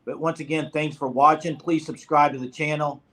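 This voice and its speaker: A man's voice: on the high side, steady tone, moderate pace, a bit bright. A young man co-hosting a casual college football recruiting chat, emphatic and giving direct advice to viewers.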